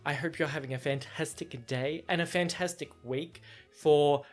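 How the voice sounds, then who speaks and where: A young man with a somewhat feminine voice, hosting a solo podcast in animated casual chat. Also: moderate pace, soft background music. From Australia. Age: young adult. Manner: animated storytelling, frequent laughs, jumps into high-pitched acted quotes. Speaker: podcast host.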